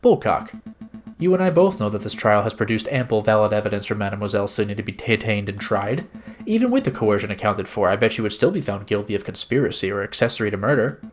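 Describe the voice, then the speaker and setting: A man voicing a serious, measured male prosecutor in a game, speaking slowly and thoughtfully. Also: on the low side, animated, natural voice.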